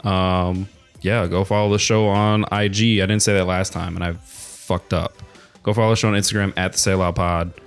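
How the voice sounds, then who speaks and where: A man's voice: low voice, little pitch movement, moderate pace, clear, resonant tone, faint music behind. A young man in his twenties hosting a podcast, chatting casually and joking around with a loose, swearing manner. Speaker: podcast host. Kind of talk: casual chat.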